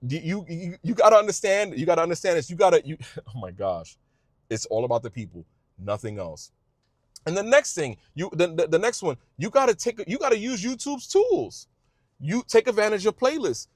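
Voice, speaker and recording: Lively, emphatic man giving creator advice. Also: high-pitched, a little fast, no echo, studio quality. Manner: emphatic, repetitive, stumbling restarts; informal speech, says y'all. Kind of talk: passionate direct-to-camera advice.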